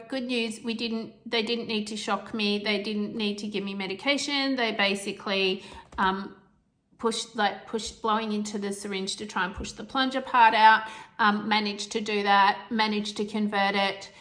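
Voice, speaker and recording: A middle-aged woman telling a personal health story to camera, emotional and halting, with restarts and nervous laughs. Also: medium pitch, a bit bright.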